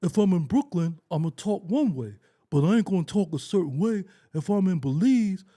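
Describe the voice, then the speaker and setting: A man doing a dark, drawling braggart. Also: high-pitched, animated, moderate pace. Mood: mocking drawl. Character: self-important man mumbling about his lawsuit.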